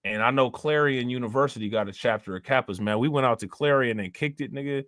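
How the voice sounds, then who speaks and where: Livestream host, man with a Northeast Ohio accent, mid-pitched, loose and profane, close and dry. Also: fast, a bit bright, no echo. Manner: loose, rambling, slangy and profane. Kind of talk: casual livestream chat answering viewers.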